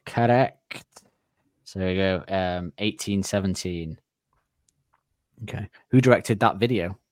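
A man's voice: low voice, unhurried, no room sound, studio quality. A man hosting a casual podcast quiz, teasing the players and laughing as he reads out questions.

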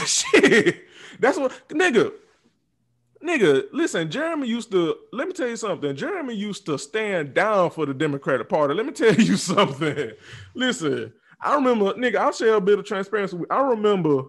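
A man in his twenties rants casually and bluntly about politics, swearing freely. His voice sits a touch high for a man. He drops to quiet mutters and then bursts back loud with laughter. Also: sing-song, brisk. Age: 20s. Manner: blunt, profane, swings from low mutters to loud laughing outbursts. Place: southern United States.

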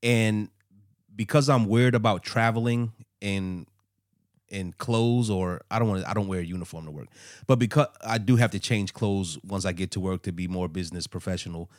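Low-voiced man, rambling podcast co-host. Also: steady tone, moderate pace, a little mellow, no echo, clean studio sound. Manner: loose, rambling storytelling with fillers. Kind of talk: casual chat.

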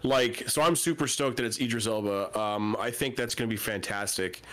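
A man's voice: on the low side, normal speed, fairly bright tone. A man co-hosting a podcast in casual chat, rambling and searching for words, swearing freely. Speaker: podcast co-host.

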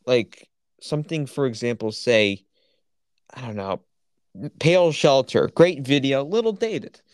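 A man talking on a podcast in a relaxed, chatty way, keen and full of opinions. His voice sits at an average pitch and sounds close and completely dry, with no room around it. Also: measured pace, clean tone, no room sound. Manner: enthusiastic, opinionated, lots of fillers. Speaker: podcast co-host. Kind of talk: casual chat.

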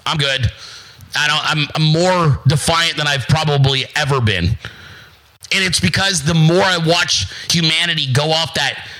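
Bright, aggressive, profane man in his forties. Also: fairly high pitch, moderate pace, low-quality recording. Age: 40s. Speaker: livestream host. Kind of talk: casual ranting monologue.

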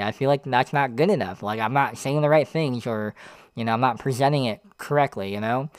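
A man's voice: mid-range voice, clear, resonant tone, no echo, studio quality. A young man hosting his own podcast, talking in a casual, earnest, self-deprecating way, full of fillers like "like" and "you know". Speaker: podcast host. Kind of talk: casual reflective monologue.

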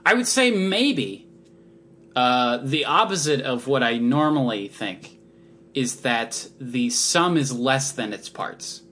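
Male podcast co-host, casual, rambling, lots of pitch movement. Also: expressive, takes it slowly, a bit bright. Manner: rambling, laughs a lot, many fillers. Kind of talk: casual chat. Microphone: headphones on, studio mic.

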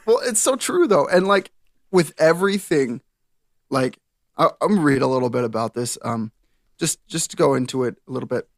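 A man's voice: medium pitch, fairly quick, vocal fry, dry recording, studio quality. A man co-hosting a casual faith podcast, reading scripture aloud and retelling it with laughs and slang. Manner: animated, laughing, plays up the story with modern slang. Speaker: podcast co-host.

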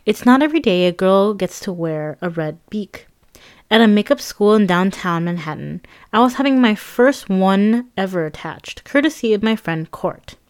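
A woman reading her own memoir aloud as an audiobook, in a conversational, lively and self-mocking way. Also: mid-range voice, moderate pace, smooth.

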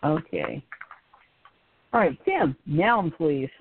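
A woman's voice: low-pitched, lively intonation, takes it slowly, vocal fry, a little hiss or hum. A woman co-hosting a casual podcast, reading a silly word game aloud and giggling often as she goes. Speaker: co-host. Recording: tinny phone-line sound.

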